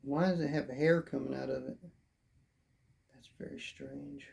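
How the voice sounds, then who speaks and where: A hoarse toy reviewer who says they are losing their voice, narrating an unboxing in a chatty, rambling way and thinking out loud. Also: medium pitch, steady tone, unhurried.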